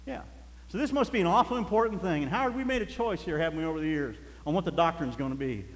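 A man's voice: on the high side, rapid-fire. A man preaching a sermon, telling folksy stories and chuckling as he goes. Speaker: pastor. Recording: echoey hall.

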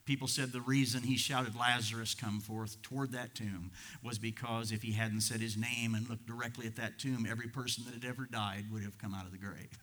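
Bright-voiced man preaching a sermon. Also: mid-range voice. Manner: conversational, chuckling, swelling to fervent emphasis. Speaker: pastor. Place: church service.

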